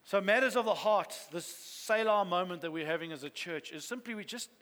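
A man's voice: high voice, a little fast, a bit bright, a little hiss or hum. A man pastor preaching a sermon to his church, earnest and building to fervent exhortation. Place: church hall. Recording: long reverb of a church hall.

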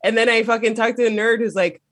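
A man co-hosting a casual podcast, animated and profane, often laughing while he talks. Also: extremely high pitch, fast. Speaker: podcast co-host.

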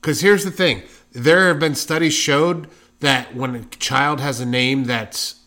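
A man's voice: mid-range voice, measured pace, bright, forceful tone. A man in casual chat as a podcast co-host, ranting emphatically and swearing a lot.

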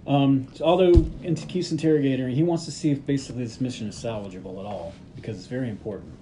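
A man's voice: mid-range voice, fast, mellow, a little hiss or hum. A man casually recapping a movie on a podcast, laid-back and profane as he retells the scenes. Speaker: podcast co-host recapping a film. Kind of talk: casual film recap chat.

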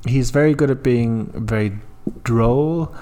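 A man's voice: mid-range voice, warm tone. Chatty man gossiping about films. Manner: chatty, gossipy, quick to joke. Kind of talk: casual film chat.

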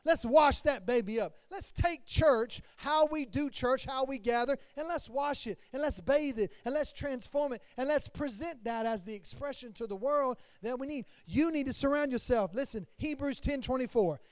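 A man preaches to his congregation in a strikingly high voice. He swells louder and drops softer as he preaches. The sound is dry, with almost no room echo. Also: moderate pace, hardly any pauses. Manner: preaching to a congregation, rising and falling in loudness. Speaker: pastor. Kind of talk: sermon.

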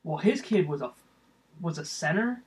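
A man's voice: a little high, normal speed, recorded from a distance, rough recording. A young man co-hosting a casual chat, telling a profane story and acting out the quotes. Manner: profane, animated storyteller who acts out quotes.

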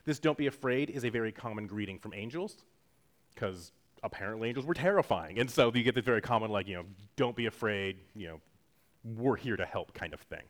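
A man's voice: lowish voice, expressive, a little fast. A man preaching a sermon in a casual, jokey teaching style, acting out quotes as he goes. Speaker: pastor.

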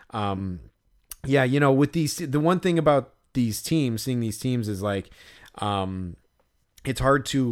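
A young man co-hosting a podcast, telling a story in casual chat. He rambles and fills his speech with filler words. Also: lowish voice. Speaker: podcast co-host.

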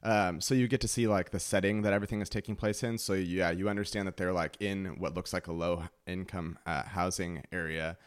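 A man's voice: low voice, steady tone, brisk, hardly any pauses, clear, resonant tone. A man co-hosting a podcast, talking in a thoughtful, analytical way with lots of fillers. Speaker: podcast co-host. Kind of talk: casual review chat.

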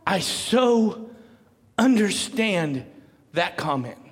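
High-voiced man preaching, gets loud and punchy, laughs a lot, big echoey hall. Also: big pitch swings, extremely slow, husky. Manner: builds to loud emphatic preaching, laughs often. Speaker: pastor. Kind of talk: sermon.

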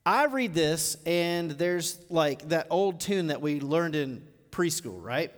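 A male pastor preaching a live sermon, moving from low, measured teaching to loud, rising exhortation. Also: expressive, in a large hall. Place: church auditorium.

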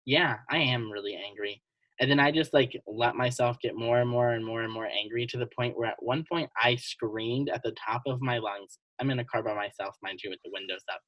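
Animated podcast co-host, dry sound. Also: medium pitch, a little fast, few pauses, no room sound, highs cut off. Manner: animated storyteller who laughs often. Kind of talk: casual chat with personal stories.

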